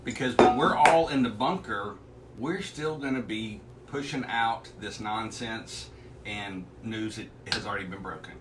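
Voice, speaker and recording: A man's voice: on the low side, unhurried, heavy background noise. A man co-hosting a casual live morning show with his wife, talking in a dry, joking way. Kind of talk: casual live-stream chat.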